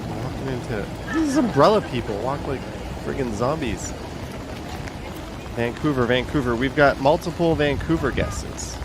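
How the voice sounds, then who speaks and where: A man's voice: medium pitch, sing-song, measured pace. A man hosting a casual live stream, joking and reading out viewer comments. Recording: loud street crowd and traffic noise.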